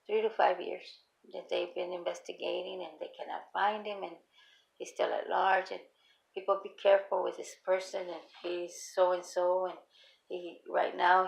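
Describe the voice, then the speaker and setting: Gravelly middle-aged woman telling a story. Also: fairly low pitch, roomy sound, low-quality recording. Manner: rambling, acts out quoted dialogue. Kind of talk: casual storytelling.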